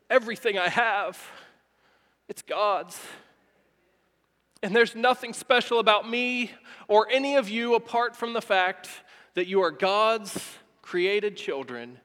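A man's voice: high voice, bright, forceful tone, in a large hall. A male pastor giving a heartfelt sermon, speaking earnestly and repeating phrases for emphasis.

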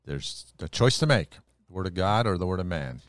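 A man's voice: low voice, animated, normal speed, dry recording, studio quality. A man who is a pastor and co-host, talking in a folksy, joking way with lots of restarts in a casual podcast chat.

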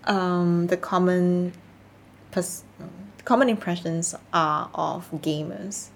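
A woman's voice: lowish voice, steady tone, slow, gravelly, slight background noise. A woman hosting a casual conversation, asking questions and encouraging her guest. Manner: encouraging listener, short backchannels. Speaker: host. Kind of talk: casual chat.

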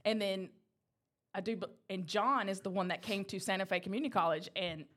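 A woman's voice: medium pitch, steady tone, a little fast, a bit bright. A woman in her forties from north Florida with a Southern accent, a hospital radiology worker chatting in a friendly, easygoing way in an interview. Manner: friendly, chatty, laughs easily. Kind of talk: casual interview chat.

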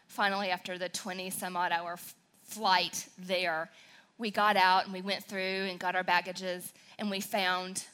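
A woman from southern Wisconsin, a pastor's wife, giving a sermon with a southern Wisconsin accent in a sassy, excitable, emotional way. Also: on the low side. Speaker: pastor's wife speaking at church.

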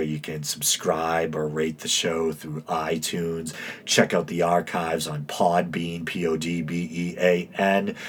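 A low, husky man with a stuffy-nosed East Coast accent talks his way through a solo podcast episode. His delivery is droning and dry, full of uhs and self-mocking asides. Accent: East Coast American. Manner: dry, self-mocking, many filler sounds. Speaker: podcast host. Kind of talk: casual solo podcast monologue.

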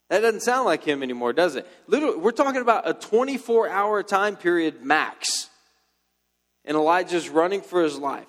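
A man's voice: a little high, lively intonation, fairly quick, fairly bright tone. A young man preaching a casual, slangy sermon to a youth group and telling the story loosely, like a friend would. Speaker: youth pastor. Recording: long hall reverb.

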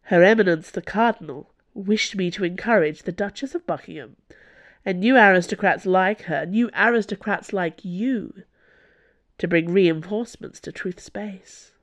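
A woman voicing a scheming, silver-tongued male noble held prisoner, speaking in a measured, wistful way. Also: medium pitch, lightly acted.

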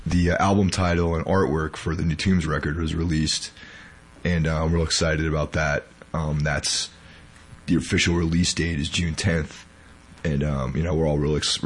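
A man hosting a podcast, still sick and sounding weak, talking casually with lots of fillers. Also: extremely low pitch. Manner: rambling, filler-heavy. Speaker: podcast host.

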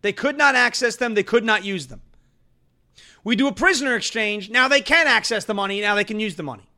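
A man hosting a political commentary show, talking loud and fast and ranting. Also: high-pitched. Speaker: host.

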